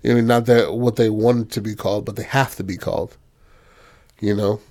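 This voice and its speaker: A man's voice: fairly low pitch, fairly even intonation, normal speed, darkish tone. A man casually retelling a story in loose, rambling talk, full of fillers and profanity. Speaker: filmmaker describing his film. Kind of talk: casual chat.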